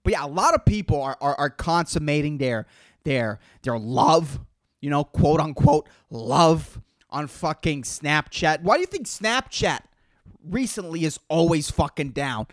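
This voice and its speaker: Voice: mid-range voice, expressive, measured pace, no echo, studio quality. A podcast host ranting alone for comic effect, profane and rambling, repeating words while searching for the next one and calling out to an imagined listener in exasperation. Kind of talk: solo comedic rant.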